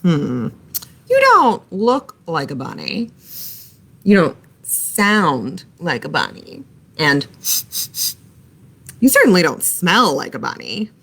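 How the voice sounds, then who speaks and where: A woman reading a storybook, voicing a stern old male elder bunny who speaks slowly and with disdain. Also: lowish voice, wildly swooping pitch, creaky, a bit bright, slightly rough, heavily acted. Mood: disapproving. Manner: slow, sniffy, condescending.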